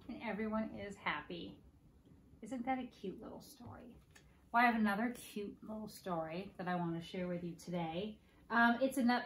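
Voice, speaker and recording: A woman hosting preschool story time, reading picture books aloud in a slow, sing-song way and playfully acting out animal noises for children. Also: mid-range voice, echoey room, slight background noise.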